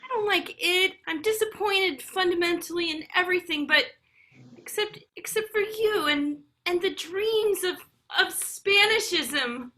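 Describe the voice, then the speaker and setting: A woman improvising a scene over a video call in a dry, glum deadpan. Her voice is high and bright. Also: a little slow. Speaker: improv performer.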